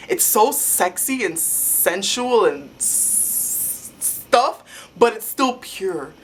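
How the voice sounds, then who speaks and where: A young woman telling a story to her vlog camera in a rambling, excitable way, full of "like" fillers. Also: mid-range voice, slow, a little hiss or hum. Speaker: vlogger. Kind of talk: casual fan storytelling.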